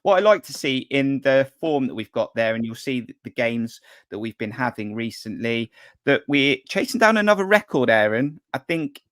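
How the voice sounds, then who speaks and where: A man hosting a live fan stream, brisk and teasing as he reads from the chat. His voice sits at an everyday middle pitch. The recording is dry and close with no room echo. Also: animated, fairly bright tone. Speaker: podcast host.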